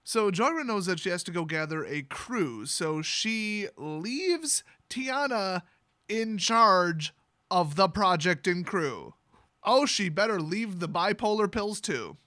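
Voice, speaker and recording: A man's voice: sits high, bright, forceful tone, dry recording. Sarcastic man mocking a fantasy story. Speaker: video host retelling a fantasy novel. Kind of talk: sarcastic comedic story retelling.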